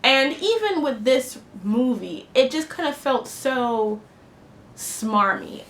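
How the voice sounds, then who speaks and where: A woman giving an impassioned, blunt film review, talking indignantly in a casual, opinionated way. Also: on the high side. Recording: echoey room with faint noise.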